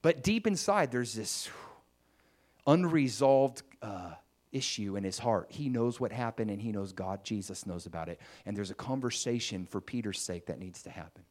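A man's voice: on the low side, expressive, normal speed, a little mellow. A man preaching a sermon in a conversational storytelling way, acting out the scenes he tells.

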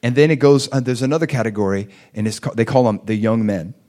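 A man's voice: mid-range voice, fast talker, mellow. Conversational male preacher with emphatic peaks. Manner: asks the audience for agreement. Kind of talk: sermon.

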